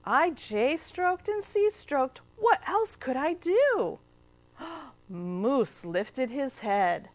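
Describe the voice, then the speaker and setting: A children's librarian reads a picture book aloud with a high, bouncy voice full of swoops. She takes her time, gasping and asking the young listeners questions as she goes. Her tone is expressive and playful. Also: drawn-out words, no room sound. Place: cable TV studio.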